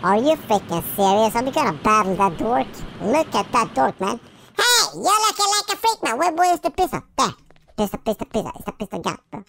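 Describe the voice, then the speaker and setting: A gamer doing let's play commentary through a chipmunk pitch-shift, goofy and excitable, with silly sound effects and nonsense chatter. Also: brisk, vocal fry, background noise.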